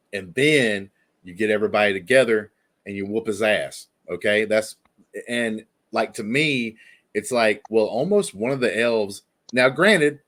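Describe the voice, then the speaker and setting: A man's voice: medium pitch, fairly bright tone. A man hosting a casual TV review discussion, talking in a rambling way with lots of filler words. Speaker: podcast host.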